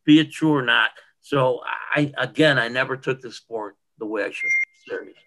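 An older man, a guest on a podcast, telling stories in a casual interview. He is animated and emphatic, and he often repeats himself for effect. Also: mid-range voice, normal speed, background noise. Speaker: guest, retired bodybuilder. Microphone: podcast microphone.

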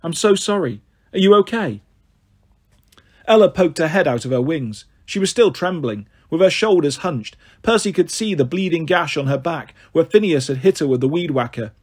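A man narrating an audiobook in a steady reading voice, now and then stumbling on a word. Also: fairly high pitch, fairly quick, hardly any pauses, slightly rough. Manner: steady, occasionally stumbles on words.

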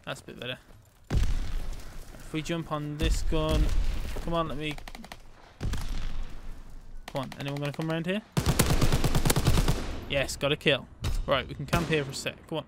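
A British man giving casual, excitable gameplay commentary as a gaming channel host, bantering with himself. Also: on the high side, a little slow, long pauses. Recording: game gunfire and noise behind.

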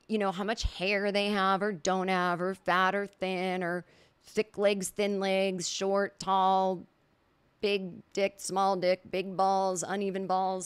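A woman's voice: mid-range voice, a bit bright, clean tone. A middle-aged woman hosting a podcast, telling a funny story in a casual monologue and acting out the quoted reactions. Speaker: podcast host.

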